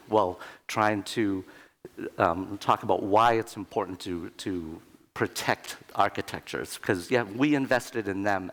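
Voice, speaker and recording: A man's voice: lowish voice, a bit bright. A middle-aged man with a cold, giving a conference talk in a chatty way, with joking asides. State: has a cold. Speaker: conference speaker. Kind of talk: conference presentation. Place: conference hall. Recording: echoey conference hall.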